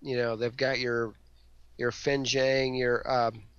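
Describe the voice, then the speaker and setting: This is a man moderating a casual panel chat with a joking, rambling manner. His pitch sits in the middle. The recording is dull and lo-fi. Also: level tone, slow, fairly bright tone, smooth, no echo.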